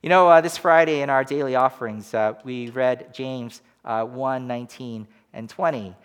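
A man's voice: mid-range voice, moderate pace, clean tone. A man preaching a sermon as pastor, emphatic and full of rhetorical questions.

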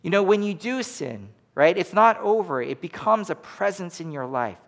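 A man's voice: high voice, very animated, moderate pace, gravelly. A man preaching a sermon as pastor, emphatic and full of rhetorical questions.

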